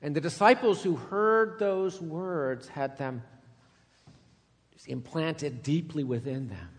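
A man preaching a sermon, moving between loud, emphatic repetition and quiet, intimate passages. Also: on the high side. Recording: long reverb of a large hall.

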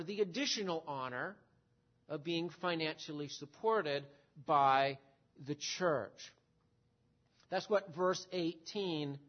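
A man with a high voice preaches an expository sermon at an unhurried pace. He teaches steadily and poses rhetorical questions. The recording sounds dull and lo-fi.

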